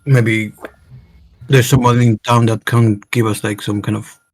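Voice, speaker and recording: A man's voice: mid-range voice, flat delivery, measured pace. A man playing a character in a tabletop game, hedging with many fillers. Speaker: player.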